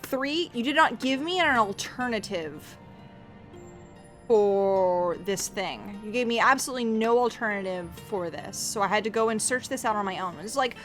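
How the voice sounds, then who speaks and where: A woman's voice: mid-range voice, moderate pace, a bit bright, faint music behind. A woman streaming a game, chatting casually to her viewers in a rambling, profane way, often restarting her sentences. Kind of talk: casual livestream chat while playing.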